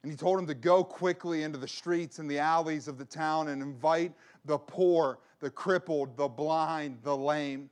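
Pastor guy preaching hard, voice a bit on the high side, keeps repeating stuff to drive it home. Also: fairly even intonation, moderate pace, hardly any pauses. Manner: emphatic preaching with personal storytelling; repeats phrases for emphasis. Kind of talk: sermon.

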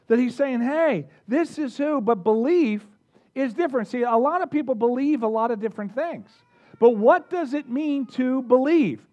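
A man preaching a sermon, energetic, drawing the congregation in with questions and call-outs. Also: very high voice, highs cut off. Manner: energetic, engages the audience with questions. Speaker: pastor.

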